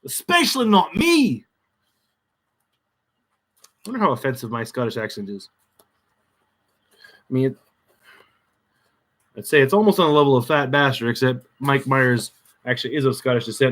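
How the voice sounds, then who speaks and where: A man's voice: medium pitch, fairly bright tone. A man chatting casually on a crafting livestream, muttering to himself as he works, with dry sarcastic asides.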